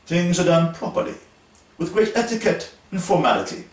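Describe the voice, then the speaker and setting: Slow, deliberate male host. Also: sits high, sing-song. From Montreal, Canada. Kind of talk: instructional talk to camera. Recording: roomy echo, voice from a distance.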